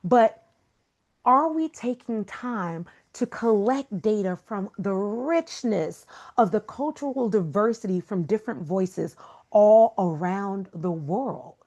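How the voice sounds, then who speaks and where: A woman's voice: medium pitch, lively intonation, slow pace, darkish tone. A woman guest speaker giving an emphatic, preacher-like motivational talk full of rhetorical questions. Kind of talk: motivational talk on a video call.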